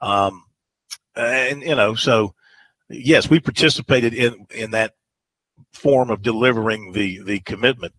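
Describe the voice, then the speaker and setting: Rambling radio sports host. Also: male voice, mid-range voice, a little slow, a bit bright, low-quality recording. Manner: rambling, hesitant, many fillers. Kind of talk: casual radio sports talk.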